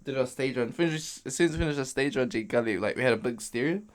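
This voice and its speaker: A man's voice: medium pitch, fast talker. A young man, a dancer guest in a podcast, telling stories in casual slangy chat and laughing often. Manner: laid-back slangy storytelling, laughs often.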